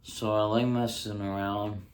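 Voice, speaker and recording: A man doing a casual home-recorded ASMR stand-up bit, rambling through deadpan jokes with frequent ums, close on a handheld mic. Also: lowish voice, unhurried. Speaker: stand-up comedian. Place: indoors at home.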